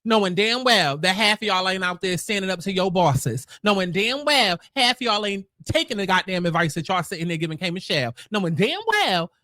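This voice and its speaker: A woman's voice: mid-range voice, expressive, brisk, few pauses, sharp tone, no room sound, studio quality. A woman hosting a commentary channel, talking in a sassy, repetitive, confrontational rant.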